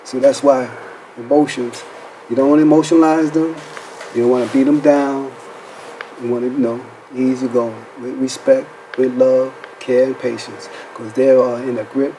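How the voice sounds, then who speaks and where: A man's voice: medium pitch, steady tone, moderate pace, mellow, slight background noise, poor audio. A man hosting a faith-based counseling talk show, asking rhetorical questions and checking in with "right?" as he speaks. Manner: preacherly, rhetorical questions, says "right?" often.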